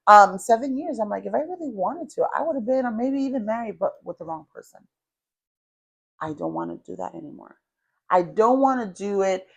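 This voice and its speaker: A woman on a faith podcast speaks earnestly in a mid-pitched voice. She backs her co-host with steady affirmations before giving her own view. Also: fairly quick, vocal fry, breathy edge. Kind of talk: candid faith-based conversation.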